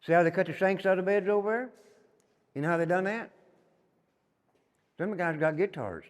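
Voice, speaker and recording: An older Southern man from Tennessee, a former inmate, leads a tour inside an old prison building and tells stories from his time inside. His voice is a little high and he talks quickly and emphatically, often dropping to a low murmur for short repeated asides. The hard rooms give his voice a long, ringing echo.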